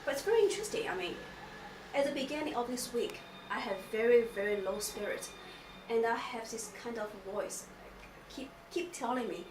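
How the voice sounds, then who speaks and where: A woman with a high voice shares a personal testimony, halting and restarting often as she searches for words. Her voice is caught from across an echoey room, with steady noise underneath. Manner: halting, emotional, many restarts. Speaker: church member giving testimony. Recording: echoey room, mic far off, noisy.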